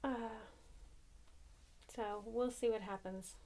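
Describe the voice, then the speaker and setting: A woman's voice: a little high, steady tone, takes it slowly, very noisy. An American woman, a young adult, chatting casually and rambling a bit as a crochet podcaster, cheerfully self-deprecating. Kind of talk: casual chat.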